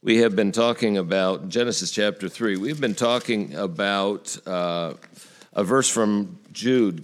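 Low-voiced male pastor preaching. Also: a little slow. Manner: earnest teaching, rhetorical questions. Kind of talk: sermon.

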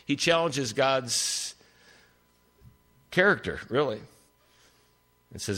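Older guy preaching, lowish voice, swoops up loud to make a point. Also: slow, long pauses. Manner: animated storytelling, big pitch swings for emphasis. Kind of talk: sermon.

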